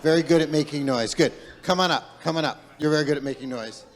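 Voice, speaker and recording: A man's voice: a little high, quick pace. A man, a rabbi, telling a folk tale to his congregation in a playful way and leading them in making animal sounds. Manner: playful, directing audience participation. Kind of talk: storytelling to a congregation. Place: large synagogue sanctuary. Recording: long hall reverb.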